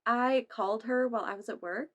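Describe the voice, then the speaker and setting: A young woman vlogger reacts to memes in casual chat, laughing often, swearing, and putting on playful silly voices. Her voice is fairly high and fairly bright in tone, and she speaks briskly.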